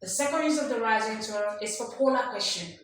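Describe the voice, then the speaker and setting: This female English teacher speaks a little fast in a slightly high, animated voice. Her classroom lesson is emphatic, with examples drilled aloud and questions put to the listeners, all captured with strong echo and faint background noise.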